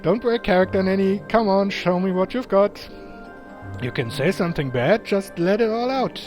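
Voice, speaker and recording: Gruff deadpan game hero, read by a man, low and blunt, music behind. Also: normal speed, close to an everyday voice.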